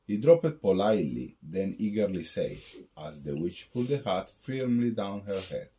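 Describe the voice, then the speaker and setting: Guy reading a rhyming kids book at bedtime, low voice, slow, bouncy sing-song. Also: big pitch swings, dark tone. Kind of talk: reading a picture book aloud.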